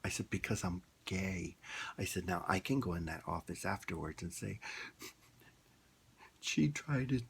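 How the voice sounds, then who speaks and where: A man's voice: low voice, fairly even intonation, moderate pace, creaky, a bit bright, a little hiss or hum. A man ranting bluntly in a rambling, casual opinion monologue. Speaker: vlogger.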